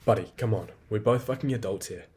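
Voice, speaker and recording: A man's voice: lowish voice, fast, mellow, breathy edge. A young man, rambling and swearing freely in a casual solo podcast monologue. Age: 20s. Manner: profane, rambling, venting. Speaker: podcast host.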